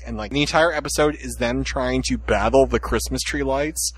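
A man's voice: medium pitch, a little fast, few pauses, breathy edge, dry recording. A man hosting a podcast, telling rambling jokey stories in casual group chat. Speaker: podcast host.

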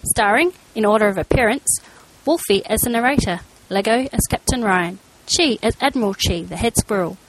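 A woman's voice: medium pitch, normal speed, poor audio. A woman reading the closing credits of an amateur audio play in a matter-of-fact way. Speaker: credits announcer.

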